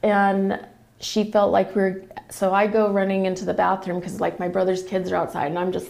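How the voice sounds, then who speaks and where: A woman's voice: mid-range voice, level tone, normal speed, vocal fry, a little mellow. A woman, a podcast guest, recounting a family story casually and acting out the quoted dialogue as she goes.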